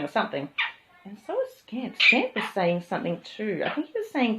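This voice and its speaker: Chatty woman vlogger at mid pitch, sweet with her pets; echoey tiled room, shower running loud. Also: big pitch swings, moderate pace, very noisy. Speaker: pet bird vlogger. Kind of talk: casual vlog chat. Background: shower water and bird noises.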